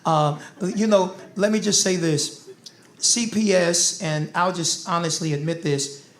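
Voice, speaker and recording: A man in his fifties moderating a community forum in a lively town-hall manner, with a preacher's call-and-response style. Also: on the high side. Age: 50s. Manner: preacherly, calls for crowd responses.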